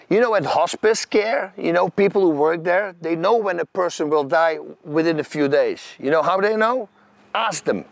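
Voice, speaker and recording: Animated Dutch man telling stories. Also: a little high, creaky, dry recording. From Netherlands. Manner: animated, vivid, acts out scenes and quotes; loose, non-native grammar. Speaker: channel host. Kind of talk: personal storytelling monologue.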